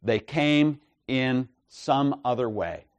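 Slow, measured male preacher. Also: medium pitch, lively intonation, no room sound. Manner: checks in with frequent "right?" and "okay?"; measured, emphatic delivery with stressed lists. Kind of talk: expository sermon.

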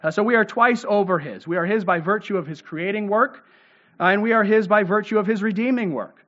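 A man's voice: high-pitched, fairly quick, a bit bright, lo-fi sound. A man giving an expository sermon, explaining scripture with frequent "uh" and "right?" asides. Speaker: pastor.

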